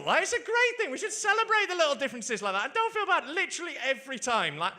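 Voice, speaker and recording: Young man from the UK, stand-up comic, high voice, very lively intonation, sweary, keeps asking right. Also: fast talker, few pauses. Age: young adult. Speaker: stand-up comedian. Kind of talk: stand-up comedy. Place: stage before a live audience.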